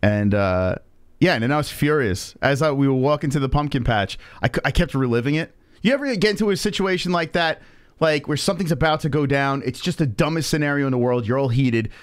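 A man's voice: medium pitch, fairly quick, smooth, dry recording. A young man telling a story on a live stream, cursing freely and acting out the voices of the people in it. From New York. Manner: animated, profane, acts out quoted voices. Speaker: podcast host.

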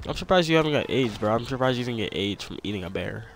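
A young man casually commenting on his own gameplay, excitable and slangy, repeating lines and yelping when he gets attacked. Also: mid-range voice, quick pace, creaky, slight background noise. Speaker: gamer.

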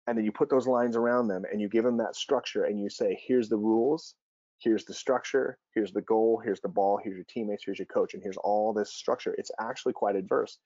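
Earnest male speaker, storytelling presenter, gravelly voice, dull dry lo-fi recording. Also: fairly low pitch, darkish tone, no room sound. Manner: earnest, storytelling, acts out quoted dialogue. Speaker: speaker on youth sports and child development. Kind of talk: presentation with personal stories.

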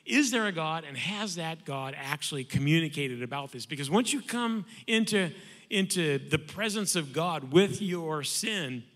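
A man on a church conference panel telling a lively anecdote, acting out the other voices. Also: a little high. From Southern California. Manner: animated, acts out voices in anecdotes. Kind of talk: storytelling on a panel. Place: large church hall. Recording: long hall reverb.

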